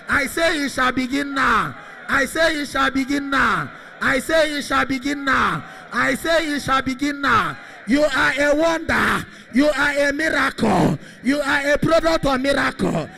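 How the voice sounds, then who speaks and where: High-pitched shouting priest with a gravelly voice. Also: male voice. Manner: repetitive, chanting declarations. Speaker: Catholic priest. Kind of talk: shouted prayer declarations. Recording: long hall reverb.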